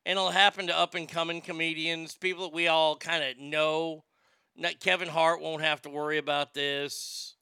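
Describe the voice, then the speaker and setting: Male host, casual rambling chat, stammers and swears, smooth resonant voice. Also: a little high, level tone, normal speed, bright, forceful tone, dry recording, studio quality. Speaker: show host.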